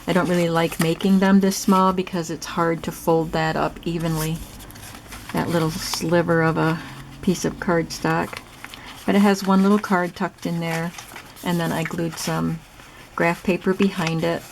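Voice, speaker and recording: A woman with a lowish, gravelly voice talks through a craft project in a relaxed, chatty way, explaining each step as she goes. The recording carries clear background noise and clicks. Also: normal speed. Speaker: craft channel host. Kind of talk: casual crafting demonstration.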